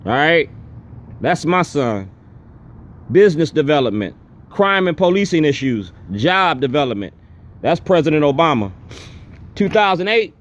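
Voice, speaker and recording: A slightly high, fairly bright male voice belongs to an activist giving an impassioned speech at a town hall. Defiant and confrontational, he repeats his demands.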